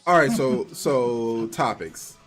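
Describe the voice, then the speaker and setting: A man's voice: mid-range voice, takes it slowly, music in the background. A man hosting a charity game stream, introducing guests with laughter and stumbling restarts. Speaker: stream host.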